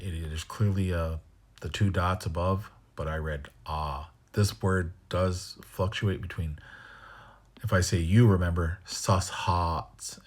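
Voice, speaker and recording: A man teaching the sounds of a language, slowly repeating words and sometimes whispering them so the contrast can be heard. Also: low voice, slightly rough. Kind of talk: pronunciation lesson.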